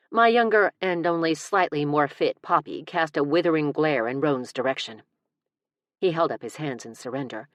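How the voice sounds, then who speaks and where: Low-voiced woman narrating wryly. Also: moderate pace, dry recording. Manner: wry, comic. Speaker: audiobook narrator. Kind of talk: first-person audiobook narration.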